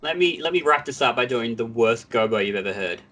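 Bright-voiced man, joking podcast guest. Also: medium pitch, expressive, brisk. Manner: eager, joking, does impressions. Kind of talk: casual chat. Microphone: headphones, podcast mic.

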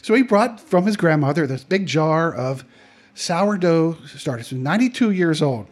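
A middle-aged man telling a personal story to an audience in a conversational, animated way, acting out the voices of the people in it. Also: fairly high pitch, moderate pace.

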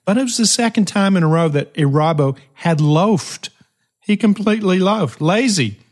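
A man hosting a motivational podcast, telling a story emphatically with dramatic pauses and shifting pace. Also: high voice, expressive. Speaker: podcast host.

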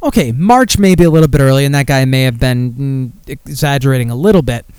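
A man's voice: mid-range voice, fast, darkish tone, clean tone, no echo. A man hosting a beer podcast in casual chat, rambling and blunt with frequent swearing. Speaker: podcast host.

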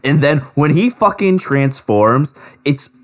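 A man co-hosting a podcast, chatting casually about an anime's dub and sub with quick laughing asides. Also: on the high side, expressive. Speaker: podcast co-host. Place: in a car.

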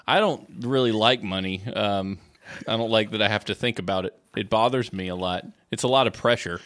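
A man's voice: lowish voice, fairly quick, a bit bright, no echo. Dry-voiced joking man chatting casually. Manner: joking, rambling, reads short trivia facts. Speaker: podcast co-host. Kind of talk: casual chat.

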